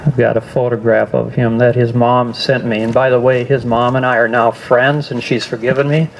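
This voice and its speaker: An older man giving a personal testimony speech at a school assembly, earnest and halting, often restarting his sentences. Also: medium pitch, flat delivery, gravelly, a little hiss or hum, low-quality recording. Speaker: guest speaker.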